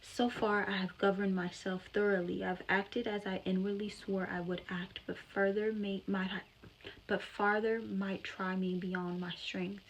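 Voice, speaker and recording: A woman reading aloud the lines of a brooding male gentleman disguised as an old fortune-teller, in a slow, dreamy delivery. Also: mid-range voice, flat delivery, slight background noise, lightly acted, rough recording. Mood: wistful.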